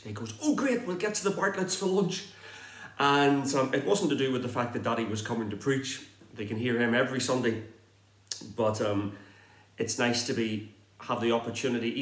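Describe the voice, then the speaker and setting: Northern Irish pastor, echoey room. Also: male voice, medium pitch. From Northern Ireland. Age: middle-aged. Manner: warm, chatty introduction, with frequent um fillers. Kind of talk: sermon. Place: recorded remotely for an online service.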